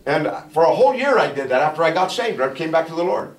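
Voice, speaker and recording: A middle-aged male pastor giving a testimony sermon, telling his story and building to fervent, shouted praise. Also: fairly high pitch, big pitch swings, quick pace. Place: church sanctuary. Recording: echoey church from a distance.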